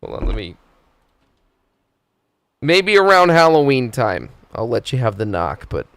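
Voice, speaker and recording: A man's voice: medium pitch, sing-song, unhurried, fairly bright tone, clean tone, no echo. A man hosting a live stream, chatting casually and swearing often as he reacts to clips. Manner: profane, laid-back, laughing. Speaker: streamer host.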